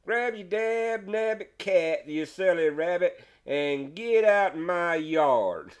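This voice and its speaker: A man from Texas voicing a sly redneck neighbor in a Texas accent, with a raised, louder, smug drawl. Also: sits high, lively intonation, slow, clean tone, pitched above the performer's own voice. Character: sly redneck neighbor who tricks his friend.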